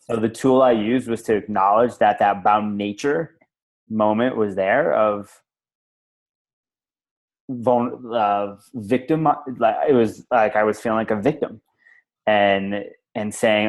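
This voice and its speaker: A man's voice: lowish voice, fairly even intonation, takes it slowly, low-quality recording. Rambling man telling a story. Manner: rambling, filler-heavy, swears casually. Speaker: call participant. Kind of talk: casual personal story on a group call.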